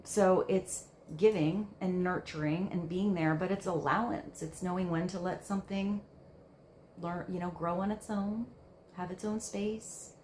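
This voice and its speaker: A woman's voice: fairly low pitch, fairly even intonation, measured pace, a little mellow, roomy sound, a little hiss or hum. Rambling, musing woman reading tarot. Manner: rambling, musing, lots of "like" fillers. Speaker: tarot card reader. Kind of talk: casual spoken tarot reading.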